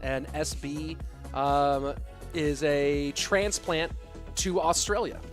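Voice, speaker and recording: A man's voice: on the high side, slow, soft background music. A man from California hosting a live esports stream, casting matches and reading chat questions in a chatty way. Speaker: esports caster and stream host.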